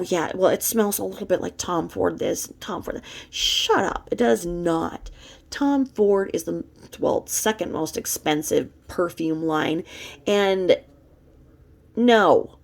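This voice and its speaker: Woman commentator, lowish gravelly voice, profane and sarcastic. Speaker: commentary podcaster. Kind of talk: gossipy commentary rant.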